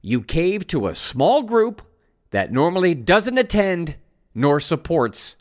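A man's voice: on the high side, sing-song, takes it slowly. A man hosting a commentary show, reading news items aloud and mocking them with sarcastic asides. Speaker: host.

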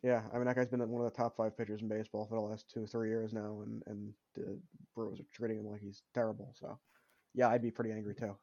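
A man's voice: lowish voice, level tone, fast, warm tone, dry recording, highs cut off. A young adult man co-hosting a casual sports podcast, opinionated and arguing back, often repeating himself. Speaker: podcast co-host.

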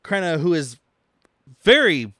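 A man's voice: on the high side, sing-song, measured pace, sharp tone, dry recording. A man co-hosting a casual movie podcast, joking and quoting lines in mock voices. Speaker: podcast co-host. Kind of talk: casual movie-recap banter.

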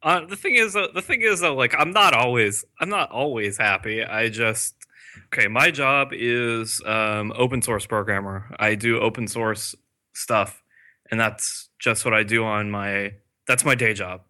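Male guest, slow-talking and hesitant, clear bright voice. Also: mid-range voice. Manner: halting, joking, full of fillers. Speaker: interview guest. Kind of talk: casual chat.

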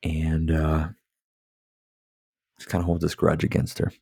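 A podcast host with a very deep, creaky, monotone voice, warm with a breathy edge, talks at a measured pace while sipping a beer. He rambles casually through a movie review, full of filler words and swearing. The recording is dry and clean, studio quality.

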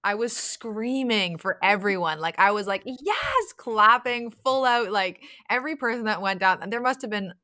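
A woman, a sex coach, chatting as a podcast guest and telling animated stories with frequent laughter. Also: mid-range voice, a little fast, few pauses, dry recording. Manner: animated storyteller, laughs often. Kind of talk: casual podcast chat.

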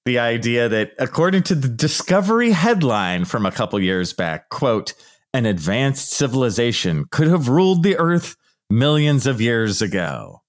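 Male podcast host for a solo comedy-leaning episode. Very lively pitch, playful and self-mocking, breaks into squeaky mock voices. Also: moderate pace.

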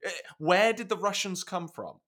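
A man's voice: sits high, moderate pace, fairly bright tone. A man co-hosting a podcast in casual chat, laughing and incredulous as he talks. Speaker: podcast co-host.

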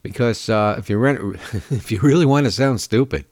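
A man hosting a show, ranting in sarcastic, indignant political commentary with frequent filler pauses. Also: fairly low pitch, a little mellow, dry recording, clean studio sound. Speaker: podcast host.

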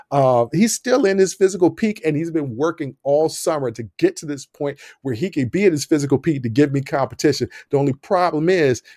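A man's voice: fairly high pitch, no room sound. Laughing man telling a story, dry mic. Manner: animated, laughing often, acts out quotes. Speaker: podcast host. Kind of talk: casual storytelling monologue.

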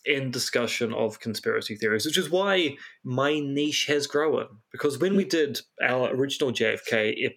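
A man's voice: medium pitch, expressive, moderate pace, few pauses, a bit bright. A man co-hosting a podcast in casual chat, making dry, wry asides. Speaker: podcast co-host.

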